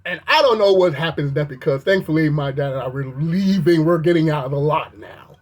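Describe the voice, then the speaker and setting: A video reviewer telling a story in a storytime commentary, talking animatedly and sounding incredulous, with the pitch jumping up when outraged. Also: a little fast, hardly any pauses. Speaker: video reviewer recounting an incident.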